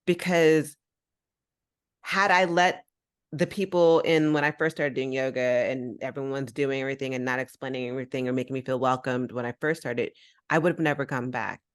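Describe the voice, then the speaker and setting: Smooth, rumbling, and low, this American woman's voice moves at a normal speed on her podcast. Chatting casually, she tells an animated personal story and acts out the voices of the people in it.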